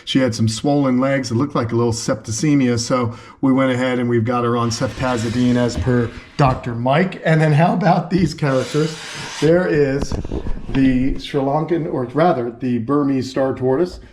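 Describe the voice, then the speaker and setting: Recorded indoors on a camera mic with some hiss or hum, this casual sanctuary vlog features a male host with a mid-range, darkish voice. He keeps a moderate pace and fairly even intonation while excitedly talking to the camera and to the turtles and tortoises.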